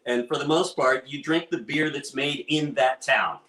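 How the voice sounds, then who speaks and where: A man's voice: mid-range voice, steady tone, moderate pace, a bit bright. A man talking animatedly in a casual chat and laughing often. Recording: roomy echo.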